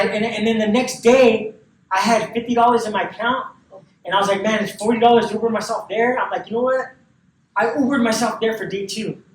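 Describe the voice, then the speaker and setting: A man's voice: sits high, a little hiss or hum. A man giving a personal recovery testimony in casual storytelling, with slang and repeated phrases. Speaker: recovery speaker. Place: recovery service hall. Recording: echoey room from far off.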